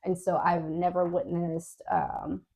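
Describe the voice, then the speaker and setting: A woman co-hosting a podcast, telling a story in casual chat, animated and laughing often. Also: on the low side, slow pace, creaky. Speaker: podcast co-host.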